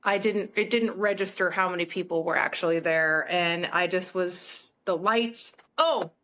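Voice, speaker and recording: A woman singer, a guest on a podcast, excitedly retelling a story with lots of restarts. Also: fairly low pitch, a little slow. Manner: animated, breathless retelling with frequent "like" and restarts. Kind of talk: excited storytelling in casual chat.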